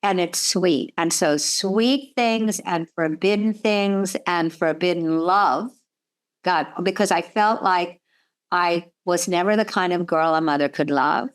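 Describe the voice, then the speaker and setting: A woman speaking slowly and earnestly in a reflective conversation, thinking aloud about her own experience. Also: lowish voice, smooth. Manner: slow, earnest, self-reflective.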